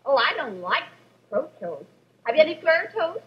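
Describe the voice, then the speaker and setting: Brief: an affected health-food fan, lilting and high-pitched. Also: female voice, very animated, moderate pace. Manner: prissy, affected. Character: affected, fussy health-food-loving lady diner. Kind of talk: 1950s live TV sketch comedy. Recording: lo-fi old TV audio.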